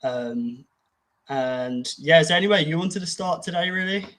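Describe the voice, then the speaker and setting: A man's voice: a little high, expressive, normal speed, fairly bright tone, rough recording. Easygoing man musing on a podcast. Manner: easygoing, filler-heavy, musing aloud. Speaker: podcast co-host. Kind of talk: casual chat.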